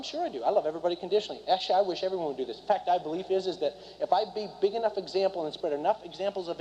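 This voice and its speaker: A man giving a live seminar talk to an audience, talking rapidly and keeps quizzing the crowd. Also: sits high, dark tone. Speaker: seminar speaker and business trainer. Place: meeting room before a live audience. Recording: dull lo-fi recording.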